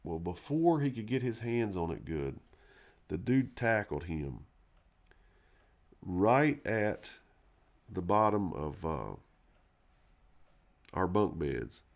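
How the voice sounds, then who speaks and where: A man's voice: sits low, big pitch swings, takes it slowly, gravelly, long pauses. A man telling a long personal story in a loose, rambling way on a live stream, full of fillers and restarts. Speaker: live stream co-host or guest.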